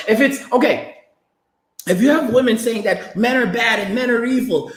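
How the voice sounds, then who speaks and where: A man's voice: very high-pitched, moderate pace, reverberant. A man hosting a crypto channel live stream, ranting in an agitated way with many stammered restarts.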